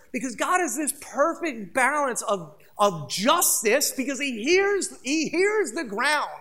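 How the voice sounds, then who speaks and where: Emphatic bright-voiced pastor preaching. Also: medium pitch. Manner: emphatic and conversational, repeating phrases for stress; addresses the congregation directly. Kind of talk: sermon.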